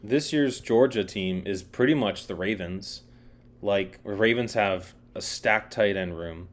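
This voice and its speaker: Laid-back man with a low voice. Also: slow. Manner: laid-back, rambling, swears casually. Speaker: podcast co-host. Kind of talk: casual sports chat.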